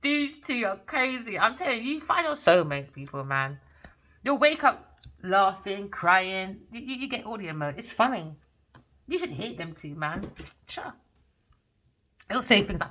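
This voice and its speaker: A woman rambles through a tarot reading as a story, swearing freely and getting carried away with excitement. Her voice is sharp and bright, and it leaps up and down in pitch. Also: measured pace, muffled recording. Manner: excitable, profane, storytelling with laughter. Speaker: tarot reader.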